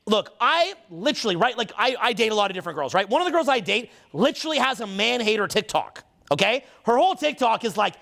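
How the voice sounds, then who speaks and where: A man's voice: high voice, big pitch swings, creaky, a bit bright. A man, a social skills coach, in a heated, profane, emphatic monologue that keeps picking up speed. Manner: talks fast, gets on a roll. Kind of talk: unscripted ranting monologue.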